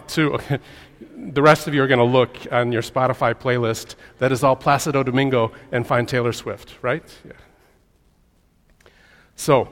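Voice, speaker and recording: A man preaching a lighthearted sermon, joking and chatting with his congregation. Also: mid-range voice. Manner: jokey, chatty, talks with the audience. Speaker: pastor. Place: church hall. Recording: echoey church hall with long reverb.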